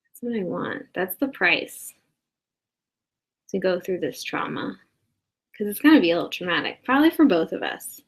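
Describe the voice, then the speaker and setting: A woman's voice: lowish voice, sing-song, moderate pace, gravelly, long pauses, slightly rough. A woman rambling through an improvised comedy monologue at her desk. She is mock-earnest and builds into outrage. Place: indoors at a desk.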